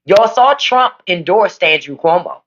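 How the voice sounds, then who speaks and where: A woman's voice: fairly low pitch, expressive, unhurried, dull audio. A woman hosting a live stream, delivering a blunt, profane political rant to her viewers. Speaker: livestream podcast host. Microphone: phone or desk mic for a live stream.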